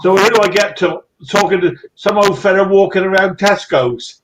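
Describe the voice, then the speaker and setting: A man's voice: high-pitched, a bit bright, slight background noise, rough recording. A tired man, teasing the host and chuckling in a casual live stream chat. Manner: teasing, chuckling, drawn-out phrases. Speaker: guest caller.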